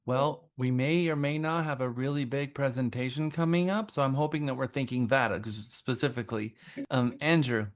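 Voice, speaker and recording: A man teaching a sales class in a relaxed, conversational way, calling on people and asking questions. His voice sits at a mid pitch for a man. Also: moderate pace. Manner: conversational, asks the group questions. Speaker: sales trainer. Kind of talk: classroom instruction.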